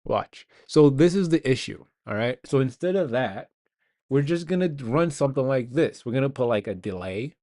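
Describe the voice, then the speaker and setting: A man's voice: medium pitch, lively intonation, normal speed, a little mellow. A young man streaming live as a game developer, rambling and joking at himself while he codes. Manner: rambling, self-mocking, talks to himself while coding. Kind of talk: casual live-stream coding chat.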